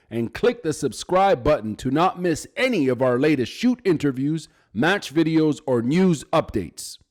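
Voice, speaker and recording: Man, scripted outro, promotional read, pitch rising and falling, slightly high. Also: darkish tone. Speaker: channel announcer.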